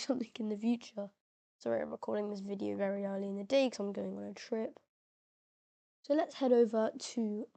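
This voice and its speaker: This mapping video narrator is a woman with a fairly high pitch and a dark tone. She chats informally over a map game, using slang and plenty of fillers, and her voice occasionally cracks.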